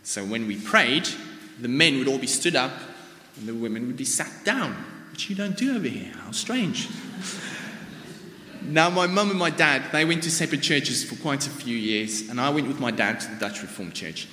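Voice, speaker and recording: A man's voice: mid-range voice, expressive, moderate pace, bright, forceful tone. A man in his thirties from South Africa, with a South African accent and Afrikaans as his first language, giving a sermon as informal personal storytelling. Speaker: church speaker. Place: church. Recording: reverberant church hall.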